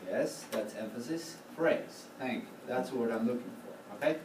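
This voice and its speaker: A man's voice: mid-range voice, normal speed, a little mellow. A man coaching young conductors in a rehearsal room, asking the group question after question. He sounds far from the mic, and the recording carries a roomy echo and plenty of background noise. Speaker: choral conducting teacher. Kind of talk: classroom teaching. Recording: roomy, distant, noisy classroom recording.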